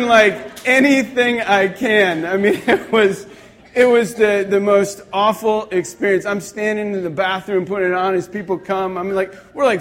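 Young male pastor, conversational sermon delivery, light self-deprecating humor, slightly raised pitch.

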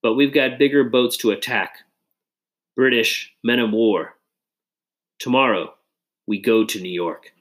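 A man's voice: medium pitch, a little slow, long pauses, a bit bright, natural voice. A man reading aloud and voicing a bold young colonial inventor who gives firm, decisive orders. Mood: commanding.

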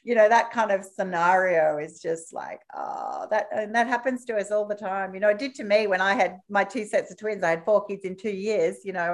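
A middle-aged Australian woman hosting a casual chat, talkative and open, laughing often. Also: medium pitch. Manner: chatty, laughs often, oversharing. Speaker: host.

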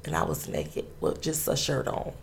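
A woman telling a personal story in an interview, halting and earnest, with many pauses and restarts. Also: rumbling low, big pitch swings, vocal fry, a little hiss or hum.

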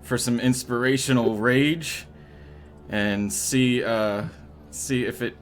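A man's voice: mid-range voice, steady tone, slow pace, soft background music. A man playing a tabletop game, thinking aloud hesitantly with many restarts. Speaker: player.

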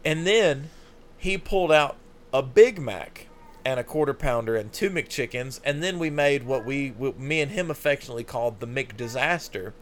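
A man's voice: mid-range voice, lively intonation, moderate pace, a little hiss or hum. A young man casually telling a funny, profane story on a podcast, laughing often. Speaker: podcast host.

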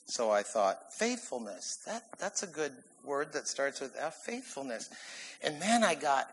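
A man preaching a sermon in an animated, emphatic way, often laughing as he goes. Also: fairly high pitch, measured pace, background noise. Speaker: pastor.

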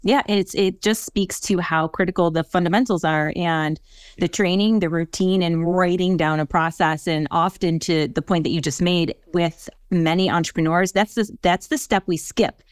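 A woman's voice: fairly low pitch, fairly even intonation, moderate pace, smooth, no echo, studio quality. A woman hosting a podcast, enthusiastic and asking long, winding questions of her guest. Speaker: podcast host. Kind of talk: interview conversation.

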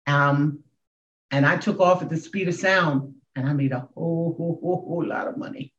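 A woman in her sixties, a comedian and speaker, telling her story as a podcast guest with emphatic swings in pitch and volume. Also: normal speed, slight background noise. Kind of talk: emotional storytelling in a podcast interview. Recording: echoey, dull room sound.

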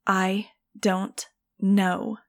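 A woman reads out a stern female director with a cold, clipped manner. Her replies come short and contemptuous, in an audiobook voice of middle pitch. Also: flat delivery, extremely slow. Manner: curt and contemptuous. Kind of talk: audiobook reading.

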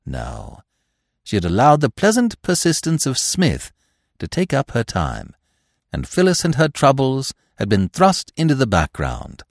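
Animated male storyteller, dry close sound. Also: medium pitch, a little slow, no room sound. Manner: lively, expressive storytelling. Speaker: narrator. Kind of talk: scripted narration of a classic novel.

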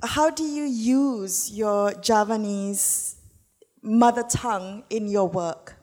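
A woman's voice: mid-range voice, takes it slowly, darkish tone. A woman moderating a panel Q&A, polite and encouraging, restating audience questions for the speaker. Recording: echoey hall.

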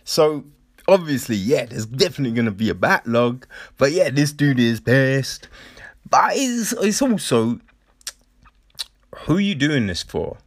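Slow, sarcastic man ranting. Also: medium pitch, sing-song, no echo, studio quality. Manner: profane, sarcastic, mocking voices of others. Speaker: podcast host. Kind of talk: casual ranting monologue.

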